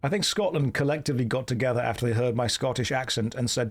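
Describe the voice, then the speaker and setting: A man with a British received pronunciation accent, chatting casually as a streamer during a game with dry, deadpan jokes. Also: mid-range voice, fast, hardly any pauses.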